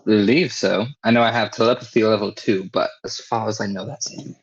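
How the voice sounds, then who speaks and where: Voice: medium pitch, fairly even intonation, brisk, slightly rough. Player on a muffled, lo-fi line. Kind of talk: tabletop game play.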